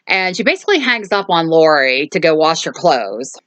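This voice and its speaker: Woman host, low pitch, dry close mic, chatty rambling recap. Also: sing-song, moderate pace, a bit bright, dry recording. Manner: rambling, lots of um and so. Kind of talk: casual movie recap.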